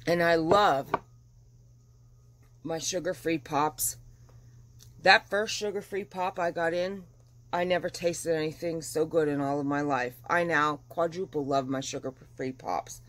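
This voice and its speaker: A middle-aged woman vlogging at home in a casual chat, chatty and animated, getting over the flu. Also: low-pitched, unhurried. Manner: chatty and animated, dramatic retelling. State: recovering from flu. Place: at home, windows open.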